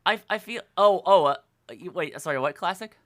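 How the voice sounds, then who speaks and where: Bright, animated podcast guest. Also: mid-range voice, normal speed. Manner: animated, lots of fillers and restarts. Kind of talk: casual podcast chat about games.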